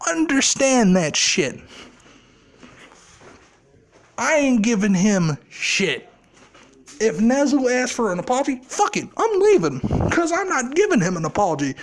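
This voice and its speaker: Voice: medium pitch, unhurried, pauses often, pitched below the performer's own voice, lightly acted. A storyteller voicing a furious, foul-mouthed teen hero. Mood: angry. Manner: swearing, defiant, raised voice. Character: furious teenage boy hero, defiant and crude. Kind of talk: storytelling a fan scenario in character.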